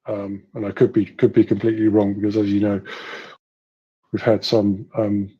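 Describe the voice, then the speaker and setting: A man's voice: fairly low pitch, monotone, normal speed, husky. A man giving his analysis on a live audio panel, thoughtful and hedging his views. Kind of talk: casual analytical discussion. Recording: muffled online audio stream.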